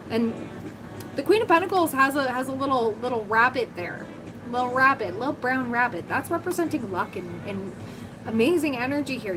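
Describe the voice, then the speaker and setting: A woman's voice: on the high side, background noise. A woman giving a livestream tarot reading, talking casually and thinking aloud with lots of fillers. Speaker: tarot reader. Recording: music playing under the voice.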